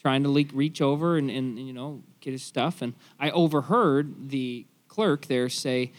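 A man's voice: medium pitch, measured pace, hardly any pauses. A man, a podcast guest, telling a joke story in casual banter and laughing along. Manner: laughs at own jokes, tells stories.

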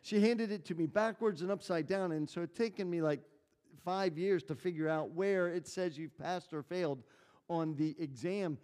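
Chatty pastor in a reverberant hall. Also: male voice, high-pitched, normal speed, a little mellow. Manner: chatty, storytelling, asks the room questions. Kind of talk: conversational sermon with congregation questions. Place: church hall.

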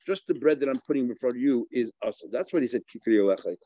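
A man teaching a Talmud page, working it through aloud with questions and many restarts, his speech full of Hebrew and Aramaic words. His voice sits at an ordinary pitch. The recording is dry and a little muffled. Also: lively intonation, racing, warm tone, dry recording. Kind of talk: Talmud lesson.

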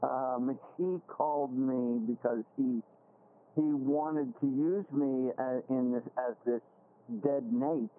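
An older man, a guest actor in a casual interview, speaking slowly and haltingly with many fillers. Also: medium pitch, fairly even intonation. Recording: dull lo-fi audio with faint background hiss.

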